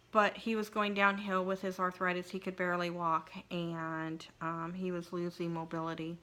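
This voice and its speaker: A middle-aged woman who vlogs about crafts shares a personal story, emotional and halting, often pausing and starting over. Her voice sits lowish, her delivery is flat, and her tone comes across sharp.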